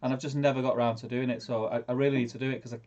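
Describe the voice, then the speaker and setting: A man's voice: medium pitch, level tone, very fast, a little mellow, muffled recording. A man hosting a casual chat, friendly and stumbling over his words.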